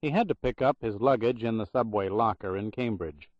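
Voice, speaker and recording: A man's voice: on the low side, fairly quick, a little mellow, no echo. Man narrating an audiobook in a dry voice. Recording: dry, slightly muffled recording.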